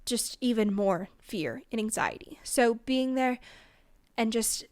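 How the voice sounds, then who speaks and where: A teenage woman hosting a solo advice podcast, talking earnestly and reassuringly in quick, list-like runs. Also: a little high, dry recording, studio quality. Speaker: podcast host.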